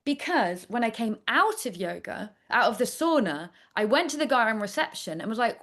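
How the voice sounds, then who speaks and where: A woman's voice: on the high side, sing-song, moderate pace, few pauses, fairly bright tone. A woman guest in a casual interview, a chatty storyteller who talks in a playful, candid way. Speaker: astrologer guest.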